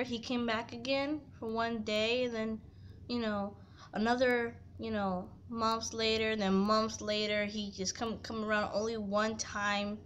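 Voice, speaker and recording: In a tearful storytime confession, a young woman vlogger recounts something painful directly to viewers, her slightly high voice filled with "you know". A little hiss or hum sits under the recording.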